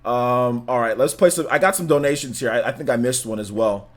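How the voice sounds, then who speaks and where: A young man hosting a casual live stream, rambling loosely and rattling off quick shout-outs to viewers. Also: mid-range voice.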